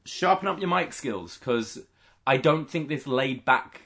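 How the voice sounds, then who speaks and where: A man's voice: mid-range voice, expressive, a little slow, creaky, fairly bright tone. A man hosting a podcast in casual chat. He sounds easygoing and leads the segments. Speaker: podcast host.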